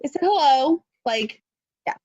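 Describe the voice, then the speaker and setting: A woman co-hosting a podcast in casual chat, telling stories with excitement, acting out quotes and swearing freely. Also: sits high, a little slow, dry recording, dull audio. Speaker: podcast co-host.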